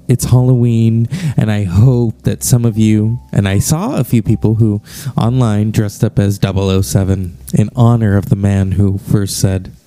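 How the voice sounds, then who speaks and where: A man's voice: fairly low pitch, creaky, warm tone. A man hosting a solo podcast, talking in a rambling, conversational way with hesitations. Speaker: podcast host. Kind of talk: casual solo podcast monologue.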